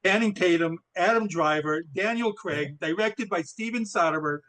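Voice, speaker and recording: High-voiced male interviewer, enthusiastic. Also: moderate pace, fairly bright tone, rough recording. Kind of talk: casual interview questions.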